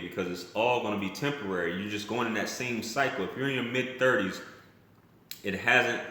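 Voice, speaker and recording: A man's voice: on the low side, a bit bright. A man telling a personal story in a casual vlog, blunt and rambling, often restarting his sentences and using slang. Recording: very echoey room.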